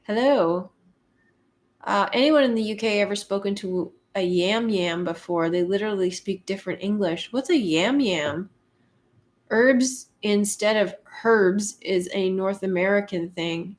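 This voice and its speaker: A woman from Canada hosting a casual live chat, reading viewer comments aloud and musing on them, laughing often and pausing with fillers. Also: mid-range voice.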